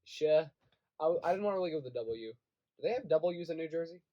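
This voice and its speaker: A man's voice: on the high side, animated, brisk, warm tone, lo-fi sound. A young man co-hosting a casual chat show, goofy and jokey, laughing often. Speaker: podcast co-host. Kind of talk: casual chat among friends.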